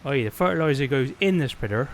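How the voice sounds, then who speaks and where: A man's voice: medium pitch, animated, fast talker, slight background noise. A British man streaming a farming game, chatting casually and narrating each move he makes. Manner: chatty, narrates his own actions. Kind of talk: casual gaming chat.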